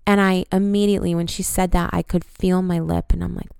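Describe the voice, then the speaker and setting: A young woman in her twenties hosting a podcast, telling a story in an animated way with frequent swearing. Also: lowish voice, normal speed, creaky, clean tone, no echo, clean studio sound. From United States. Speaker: podcast host. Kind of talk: casual storytelling.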